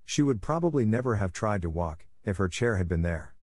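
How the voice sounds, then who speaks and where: A man voicing a kind, gentle elderly grandmother who talks to a child with mild, patient earnestness. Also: lowish voice, animated, a little fast, no echo, clean studio sound. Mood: kindly. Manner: gentle, kindly lecturing. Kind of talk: audiobook character voice.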